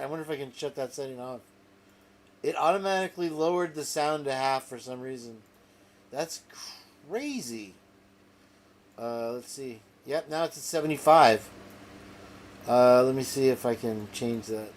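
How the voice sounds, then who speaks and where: A man's voice: medium pitch, moderate pace, long pauses, slight background noise. A man commenting on a video as a reaction host, with incredulous asides and laughter. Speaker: reaction streamer.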